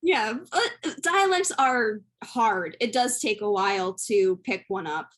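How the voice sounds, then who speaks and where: A woman's voice: medium pitch, lively intonation, takes it slowly, a bit bright. A young woman, an actor from the United States, talking as a guest in an interview, poised and well-spoken. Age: young adult. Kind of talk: casual interview chat.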